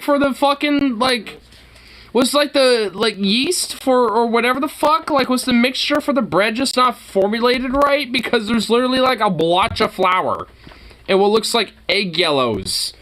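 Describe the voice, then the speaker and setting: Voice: mid-range voice, fairly bright tone. A host giving loose, rambling, profane reaction commentary, full of fillers.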